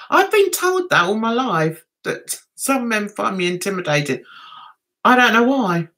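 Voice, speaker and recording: A woman's voice: mid-range voice, very animated, slow pace, a bit bright. A woman hosting a casual livestream chat, giggling and chatting as she reads out viewer comments and answers them. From England. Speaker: livestream host.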